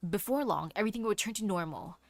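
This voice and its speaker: A cool, low-voiced stranger, as a woman puts her on, lets each warning land slowly and without hurry. The menace stays veiled under polite words. The recording is close and dry. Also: expressive, darkish tone, no echo, faint music behind, lightly acted. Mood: ominous calm. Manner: slow, measured, veiled menace. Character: calm ominous stranger giving a cold warning.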